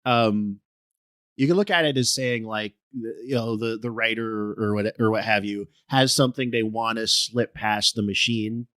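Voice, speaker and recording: A man co-hosting a film podcast in casual discussion, talking haltingly with many restarts and fillers. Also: on the low side, fairly even intonation, a bit bright, no echo, studio quality. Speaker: podcast co-host.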